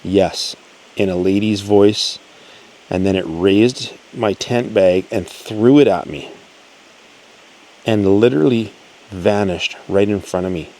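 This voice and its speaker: Slow, low-voiced man reading a tale. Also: darkish tone, poor audio. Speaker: channel host. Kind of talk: reading a listener's encounter story aloud.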